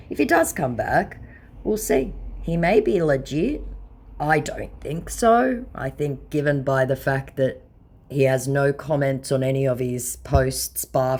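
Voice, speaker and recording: A woman's voice: very deep voice, darkish tone. A woman hosting a scambaiting channel, talking casually and bluntly with sarcasm while reading out chat exchanges.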